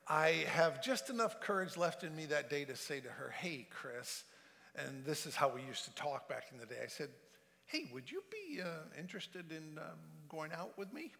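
A man giving an earnest sermon testimony, telling a personal story and shifting his loudness for effect. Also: a little high, creaky. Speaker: preacher. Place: large church sanctuary. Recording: long reverb of a large sanctuary.

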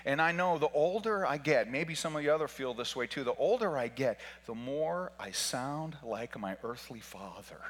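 A man preaching a sermon in a church, his bright, forceful voice rising to shouts and dropping to hushed near-whispers. The pitch swings widely as he drives home his points. A long reverb trails behind every phrase. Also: lively intonation, normal speed, few pauses, husky.

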